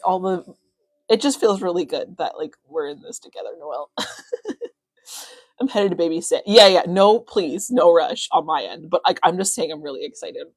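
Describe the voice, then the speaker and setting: A young woman coaching on a phone live stream, rambling casually with lots of fillers and quick bursts of excitement. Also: lowish voice, no echo.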